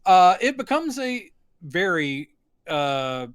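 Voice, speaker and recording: Smooth-voiced man co-hosting a film chat. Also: high-pitched, big pitch swings, takes it slowly, a bit bright, no echo, clean studio sound. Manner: retells plot scenes by voicing the characters' lines. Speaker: podcast co-host. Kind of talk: casual film review chat.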